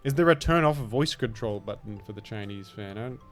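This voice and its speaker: A man's voice: lowish voice, lively intonation, brisk, soft background music. A man with an Australian accent, a gaming streamer giving rambling, self-deprecating commentary that trails off into mumbled asides. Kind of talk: casual rambling game commentary.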